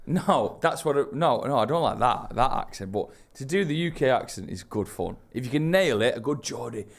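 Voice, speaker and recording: A man's voice: mid-range voice, expressive, moderate pace. Rambling, jokey man. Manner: rambling, jokey, swears freely. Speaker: podcast co-host. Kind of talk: casual banter.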